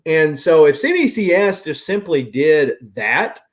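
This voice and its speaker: A man's voice: on the high side, big pitch swings, unhurried. A man with a Southern US accent hosting a casual chat and ranting in an opinionated way. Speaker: host.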